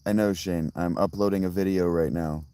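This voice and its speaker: Low-voiced rambling male streamer. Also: fairly even intonation, fairly quick, warm tone, clean tone. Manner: rambling, tangential, many restarts. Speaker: livestreamer reading chat. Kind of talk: casual live-stream chat. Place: outdoors by a fountain.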